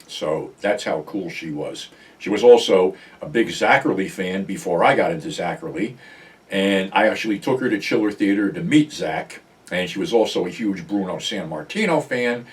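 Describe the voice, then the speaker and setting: A man's voice: on the low side, animated, moderate pace, recorded from a distance. A man hosting his own show, talking bluntly to his viewers in a casual, profanity-heavy monologue. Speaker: show host.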